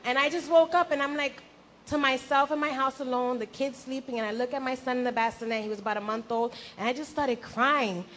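A young woman giving an animated personal faith testimony at a church gathering, acting out her own past words and laughing at herself. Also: high-pitched, brisk, slight background noise.

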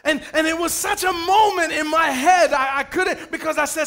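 A man with a very high-pitched voice, speaking at a normal speed, preaches a sermon as a pastor. He tells stories in a lively, playful way, calls out for amens, and raises his voice at key moments.

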